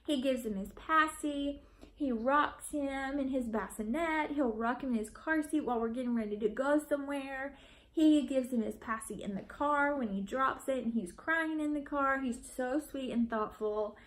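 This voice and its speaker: A woman's voice: sits high, normal speed, low-quality recording. A woman vlogging a casual update to her viewers, gushing and affectionate, with frequent ums. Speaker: vlogger and mother of a newborn.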